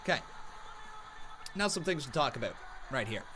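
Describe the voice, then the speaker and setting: A young man hosting a live watch-along stream, giving casual commentary that flares into loud excited outbursts. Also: medium pitch, normal speed, a little hiss or hum. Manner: excitable, bursts into loud shouts.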